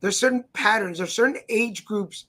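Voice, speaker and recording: A middle-aged man co-hosting a casual talk stream, chatty and halting with fillers and restarts. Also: sits high, pushed and bright. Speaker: co-host. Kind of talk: casual chat. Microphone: home streaming setup.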